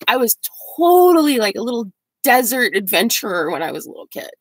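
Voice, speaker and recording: A woman's voice: on the high side, sing-song, a little fast, no room sound. A woman in her forties, from the United States, chatting casually and rambling with viewers in a van-life vlog. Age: 40s. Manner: chatty and rambling, many likes and ums. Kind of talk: casual live chat with viewers.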